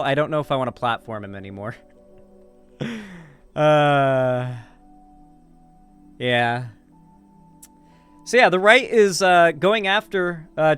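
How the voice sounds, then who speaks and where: A man's voice: a little high, a bit bright, smooth. A man giving casual, profane political commentary on a livestream, loose and full of fillers.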